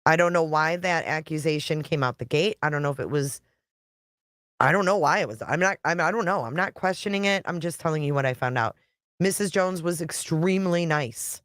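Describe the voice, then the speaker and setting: A woman's voice: low-pitched, a little fast, fairly bright tone, no echo, studio quality. A woman YouTube creator talking casually on a live stream, chatty and blunt, reading viewer comments and swearing now and then.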